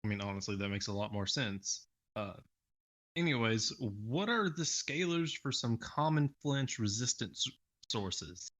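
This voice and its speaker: A man from the US South, a guest on a casual podcast, animated and asking questions. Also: fairly low pitch, unhurried.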